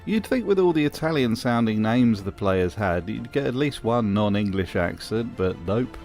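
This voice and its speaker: A man's voice: lowish voice, lively intonation, normal speed, a little mellow, faint music behind. A man hosting a comedic video essay, narrating with dry, mocking commentary.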